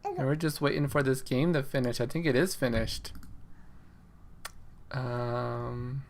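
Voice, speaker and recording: A man's voice: mid-range voice, steady tone, measured pace. A man hosting a casual fantasy football livestream from home late at night, playfully chatting to a baby between remarks. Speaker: fantasy football stream host.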